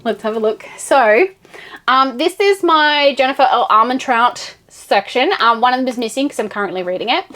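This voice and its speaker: Chatty young woman, bookshelf tour. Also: a little high. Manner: chatty, gushing, trailing into soft whispered asides. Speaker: book vlogger.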